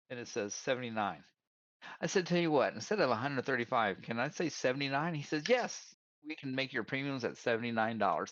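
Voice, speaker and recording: A man offers casual career advice through stories, acting out both sides of each conversation and addressing his listeners as "y'all." His mid-range voice is a bit bright, with no echo and dull audio.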